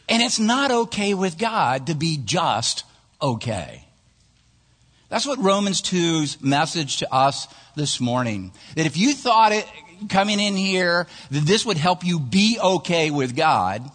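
A male pastor preaching with animated storytelling, his slightly high voice swinging widely in pitch. A long reverb rings around him in a large church hall. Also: unhurried. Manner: animated storytelling, chuckling at his own jokes. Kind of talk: sermon. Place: church sanctuary.

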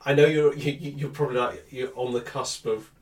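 A man in his thirties co-hosting a casual gaming podcast, an animated storyteller who laughs through his anecdotes. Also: mid-range voice, brisk, distant mic. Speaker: podcast co-host.

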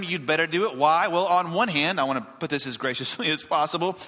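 A male pastor delivering a sermon to his church, swinging from loud emphatic lines to hushed, quiet asides. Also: rapid-fire, hardly any pauses, in a large hall. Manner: animated preaching with wide pitch swings and hushed asides.

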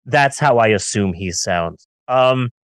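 A man's voice: on the low side, animated, takes it slowly, clean tone, no echo. A man co-hosting a casual movie-review podcast, ranting sarcastically and riffing with jokes. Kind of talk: casual comedic film review chat.

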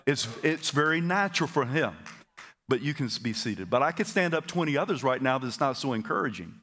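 In a church auditorium, a pastor with a mid-range voice preaches energetically to his congregation, having them repeat phrases back to him. His delivery includes stammered repeats and quick asides.

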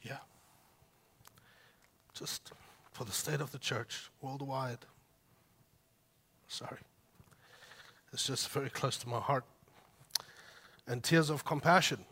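Guy preaching, bright forceful tone, gets loud then goes soft, chatty asides. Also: medium pitch. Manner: heartfelt, builds to loud emphatic peaks then drops soft; conversational asides with light laughs. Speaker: pastor. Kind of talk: sermon.

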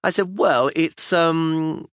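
Casting note: British podcast dad, animated and bright-voiced, dry close mic. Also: male voice, a little high, slow pace, clean tone, no echo. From United Kingdom. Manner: animated storytelling, acting out kids' voices. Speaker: podcast co-host. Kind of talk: casual chat.

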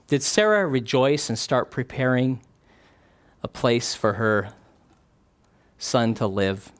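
A man preaching a sermon, animated, dropping his voice low and soft when he acts out quoted lines. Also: slow, pauses often.

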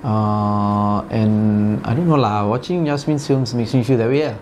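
A man's voice: lowish voice, steady tone, normal speed, darkish tone, slight background noise. A man in his forties from Malaysia with a Malaysian English accent, chatting casually, rambling with fillers and frequent laughs. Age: 40s. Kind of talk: casual chat.

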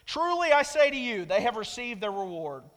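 A pastor preaching in a church, his high, bright voice carried by long sanctuary reverb. He talks in a conversational way but hits his points hard, repeating the key lines for emphasis. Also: sing-song, moderate pace. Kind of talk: sermon.

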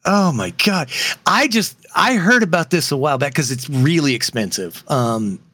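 A man's voice: fairly high pitch, expressive, normal speed, sharp tone, no echo. A man co-hosting a casual podcast chat, joking and laughing often. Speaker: podcast co-host.

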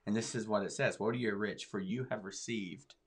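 A man's voice: fairly low pitch, steady tone, a little fast, creaky, breathy edge. A man talking as a pastor in a podcast discussion, preaching with emphatic swings in his voice. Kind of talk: sermon-style podcast discussion.

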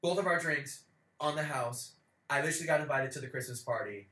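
Young man, podcast co-host, casual storytelling, profane, acts out quotes, bright forceful voice, echoey room. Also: a little high, a little fast. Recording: roomy echo.

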